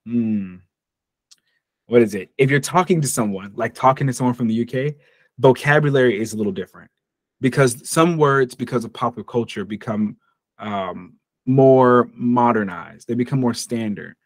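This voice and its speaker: Speaking in a mid-range voice at a moderate pace, an American man runs a casual, joking online English lesson and stops now and then to perform little sample dialogues. The recording is dry and studio quality.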